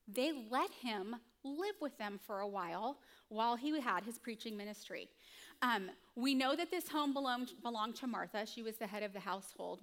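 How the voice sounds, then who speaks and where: Animated, fairly high-voiced woman preaching. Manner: conversational, animated storytelling. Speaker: pastor. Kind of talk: sermon. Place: church stage before a congregation.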